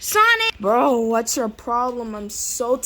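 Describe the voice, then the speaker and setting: A woman's voice: on the high side, a little slow, a bit bright. A woman hosting a comedic character skit, playfully switching voices for each character. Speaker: host voicing every character.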